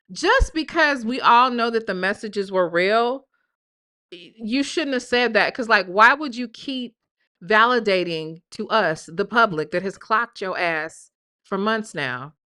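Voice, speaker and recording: A woman's voice: mid-range voice, expressive, unhurried, sharp tone, smooth. A woman streamer giving sassy, mocking commentary while reading out text messages on a live stream. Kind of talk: casual gossip commentary.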